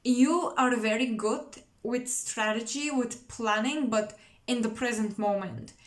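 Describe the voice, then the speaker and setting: A woman doing an intuitive tarot reading to camera, musing and searching for words with many pauses. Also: a little high, echoey room. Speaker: tarot reader.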